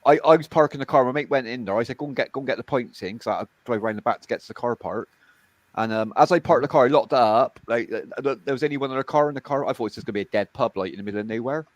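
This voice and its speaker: A man's voice: medium pitch, rapid-fire, no echo, muffled recording. A man telling rambling stories in casual chat, swearing freely. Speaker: chat participant.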